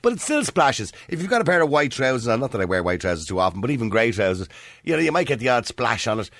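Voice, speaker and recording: Lively fast-talking radio host. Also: male voice, mid-range voice, dry recording. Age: middle-aged. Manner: lively, teasing, laughing. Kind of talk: casual radio chat. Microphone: studio mic.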